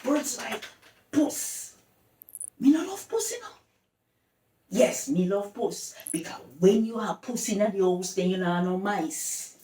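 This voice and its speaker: A woman's voice: medium pitch, measured pace, far from the mic. Jamaican woman chatting from across an echoey room. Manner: swings between Jamaican patois and plainer English, sing-song and lively. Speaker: culture vlogger. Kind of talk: casual explainer talk.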